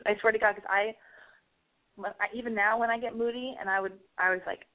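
A woman's voice: mid-range voice, steady tone, quick pace. A woman hosting a casual advice call, giving a rambling, profane, emphatic pep talk. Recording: tinny phone-line sound.

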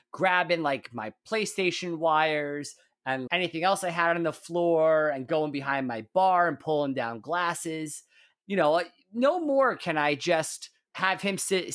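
A man co-hosting a casual sports podcast, relaxed and rambling with frequent restarts. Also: a little high, no echo, studio quality. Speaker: podcast co-host.

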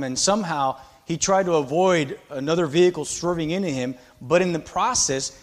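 A male pastor preaching a sermon with passion, swinging between loud exhortation and quiet, confiding asides. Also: on the high side.

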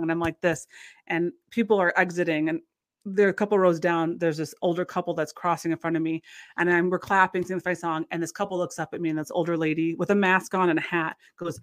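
A woman casually telling a long anecdote in conversation. She rambles with restarts and acts out the people in her story with big jumps in pitch. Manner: rambling, many restarts and fillers.

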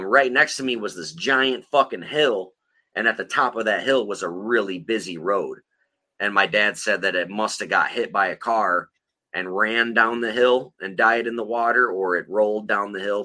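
A man's voice: lowish voice, pushed and bright. A man co-hosting a podcast, telling a long rambling story full of profanity in casual chat. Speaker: podcast co-host.

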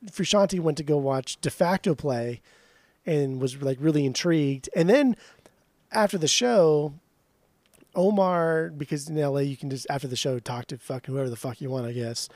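A man's voice: fairly high pitch, moderate pace, a little mellow, no room sound. A man co-hosting a podcast, telling stories in a loose, profane way with lots of restarts. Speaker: podcast co-host. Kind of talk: casual chat.

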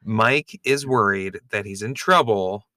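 A man co-hosting a podcast, recapping a reality show in quick, joking banter. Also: fairly low pitch, sharp tone, dry recording, clean studio sound. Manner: jokey, quick banter with a co-host. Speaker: podcast co-host.

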